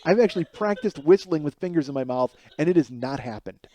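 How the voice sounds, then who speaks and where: Man in his forties, podcast host; animated solo storyteller who swears freely and mocks himself. Slightly high, mellow voice, dry close sound. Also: fairly quick. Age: 40s. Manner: animated, profane, self-mocking.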